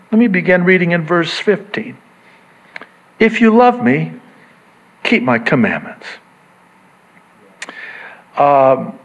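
A man preaching a sermon in a slightly high voice, taking his time over each phrase. He is animated and acts out the voices of the people he quotes. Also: creaky, breathy edge. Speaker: pastor.

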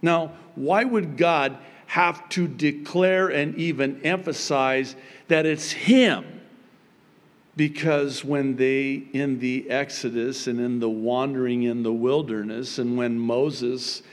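A male pastor praying and then preaching, with bursts of loud, high emphasis on key words. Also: slow pace. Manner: animated preaching with sudden emphatic pitch jumps. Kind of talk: sermon. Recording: long hall reverb.

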